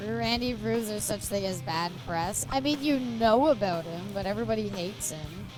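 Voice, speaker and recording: A woman's voice: mid-range voice, animated, moderate pace, music in the background, low-quality recording. A woman streaming a game, chatting casually, laughing often and bantering with chat. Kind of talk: casual livestream chat while gaming.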